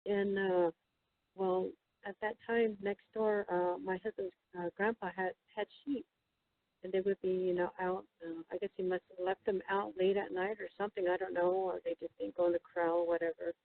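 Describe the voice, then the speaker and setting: A woman's voice: fairly low pitch, flat delivery, dry recording. Lady guest rambling through a story, lots of ums and restarts, tinny dry phone line. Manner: halting, many fillers and restarts, quoting others. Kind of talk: casual storytelling over the phone. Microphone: telephone.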